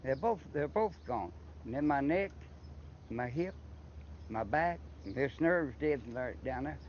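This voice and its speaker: A man's voice: medium pitch, expressive, a little slow, darkish tone. An older man with an Appalachian accent, telling long rambling stories and often restarting his words. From Eastern Kentucky. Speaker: interviewee. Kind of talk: casual storytelling. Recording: slightly muffled with faint background noise.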